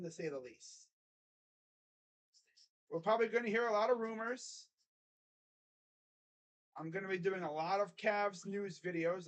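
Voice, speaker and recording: A man giving casual live play-by-play reaction to a basketball game, jumping between loud excited calls and low muttered grumbling as a rambling fan. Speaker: sports YouTuber doing live play-by-play.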